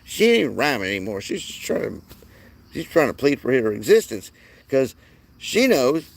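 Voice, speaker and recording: A man's voice: mid-range voice, very animated, moderate pace, creaky, slight background noise. A man delivering a rambling, profane monologue as the channel's host, often restarting his sentences.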